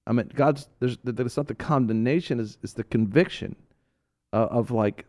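A man co-hosting a Christian talk show, teaching in casual chat as an animated storyteller who laughs often. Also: medium pitch, moderate pace.

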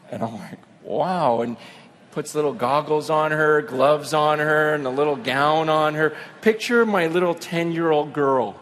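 A middle-aged man preaching a sermon, telling a personal story with emotion, dropping to a hush and then building to fervent emphasis. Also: high-pitched, a little hiss or hum. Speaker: pastor.

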